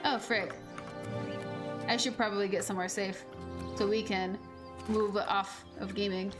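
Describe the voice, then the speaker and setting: A woman in her twenties streaming a game, chatting in a rambling, animated way with lots of fillers and casual swearing. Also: medium pitch, a little slow, over music. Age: 20s. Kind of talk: casual gameplay chat.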